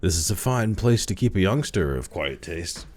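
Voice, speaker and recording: A man reading aloud, with lively intonation, a darkish tone, and normal speed, voices a querulous old man who is newborn in body but seventy in age. The character's voice is cracked, ancient, and whining, complaining and turning shrill when he protests.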